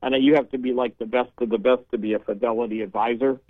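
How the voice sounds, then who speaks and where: A man's voice: mid-range voice, steady tone, fast talker, dry recording. Male caller, tinny phone-line sound, dry. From Northeast Ohio. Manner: chatty, storytelling, blunt. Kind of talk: casual call-in chat.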